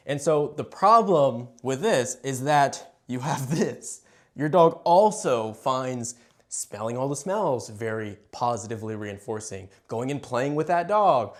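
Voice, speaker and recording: A young man who trains dogs, explaining to camera in an animated way and often checking in with "you see?". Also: fairly high pitch. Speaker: dog trainer.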